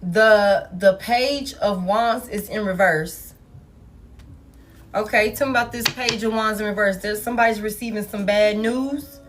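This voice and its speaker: A woman's voice: medium pitch, fairly even intonation, unhurried, a little hiss or hum. Blunt, profane woman reading tarot cards. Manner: blunt and profane, addresses viewers as y'all. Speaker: tarot reader. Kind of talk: casual tarot reading monologue. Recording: soft music in the background.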